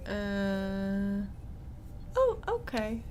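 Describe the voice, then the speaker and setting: A woman playing a text adventure game on a live stream, hesitant and quick to laugh. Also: medium pitch, big pitch swings, darkish tone, slight background noise. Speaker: co-player. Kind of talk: live game-play chat.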